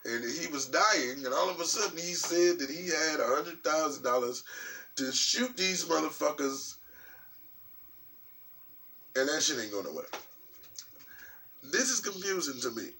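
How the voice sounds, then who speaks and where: A man from New York talking in a casual, rambling commentary vlog, profane and animated, with frequent restarts. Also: fairly high pitch, unhurried, long pauses. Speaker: vlogger. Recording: distant mic with faint background noise.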